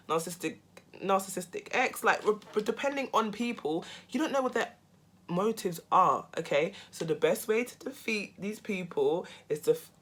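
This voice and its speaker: A woman speaks casually to her camera in a self-help vlog, her voice crisp and bright. She presses each point hard and keeps checking in with "okay?" and "right?", and she sometimes turns loud with laughing asides. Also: medium pitch. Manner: emphatic, repeats "okay?" and "right?".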